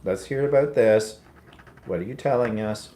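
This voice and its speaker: A man's voice: lowish voice, normal speed, warm tone. A man co-hosting a casual live chat show, teasing his co-host and steering the talk back on track. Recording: roomy echo.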